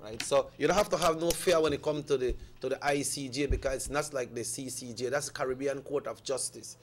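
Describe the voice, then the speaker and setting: Man, mid-pitched voice, relaxed chatty host, faint background hiss. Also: a little fast. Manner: conversational, reads out viewer texts. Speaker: morning show host. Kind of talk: live morning show talk.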